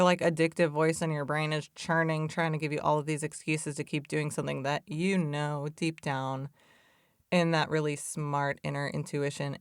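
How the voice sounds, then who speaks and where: A woman's voice: low voice, clean tone, no room sound, studio quality. A woman hosting a podcast in a loose, chatty way, full of "like" and "y'all". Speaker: podcast host. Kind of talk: casual reflective talk on addiction recovery.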